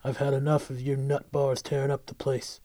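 A hot-headed Old West gunman, as a man puts him on, scolding and gruff. The reading is close and dry. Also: medium pitch, completely flat delivery, brisk, dark tone, no echo, close to an everyday voice. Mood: angry. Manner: angry, scolding.

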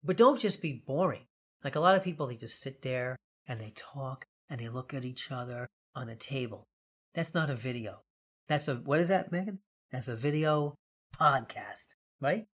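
A man's voice: mid-range voice, expressive, moderate pace. Rambling Long Island man hosting. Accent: New York, Long Island. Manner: rambling, jokey, laughs often. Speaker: podcast host. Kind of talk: casual podcast chat.

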